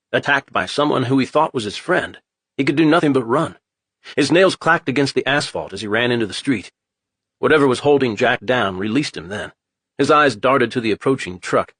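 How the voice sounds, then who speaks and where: A man reading a horror audiobook in a measured, dramatic way. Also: mid-range voice, a bit bright, slightly rough, no room sound. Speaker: audiobook narrator. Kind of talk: scripted horror narration.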